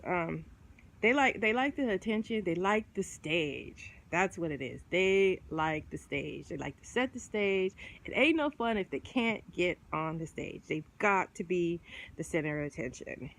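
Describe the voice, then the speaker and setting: A woman's voice: lowish voice, poor audio. Chatty rambling woman vlogger. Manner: rambling, chatty, full of fillers and restarts. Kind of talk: casual chat to camera.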